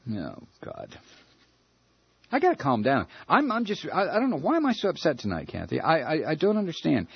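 A man's voice: a little high, huge pitch swings, brisk, gravelly, breathy edge, dry recording, muffled recording. A man hosting a radio talk show, ranting in a furious political monologue, stammering and repeating words.

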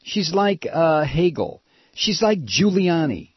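A man hosting a political talk radio show, animated and sarcastic, with a husky voice. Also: on the high side, takes it slowly. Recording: dull lo-fi broadcast sound.

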